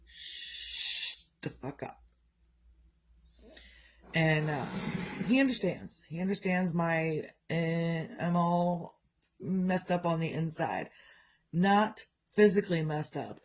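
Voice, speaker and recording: A woman's voice: fairly low pitch, slow pace, darkish tone. A woman talking frankly to camera in a rambling personal monologue, swearing freely and coughing now and then. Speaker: vlogger.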